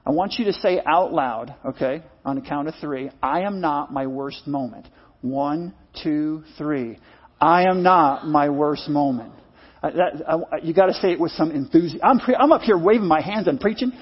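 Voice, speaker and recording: A man's voice: a little high, moderate pace, slightly rough, dull audio. A middle-aged male pastor preaching a sermon in an earnest, repetitive style, leading the congregation in call-and-response.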